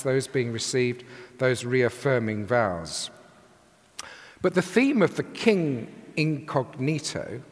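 An older man from England preaching a sermon from the pulpit with a lively, emphatic cadence. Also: medium pitch. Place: large church with long reverb. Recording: echoey church hall.

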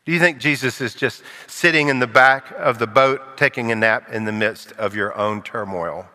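An older man preaching a sermon, acting out quoted voices and sinking to a hush for solemn lines. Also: mid-range voice, moderate pace, long reverb tail.

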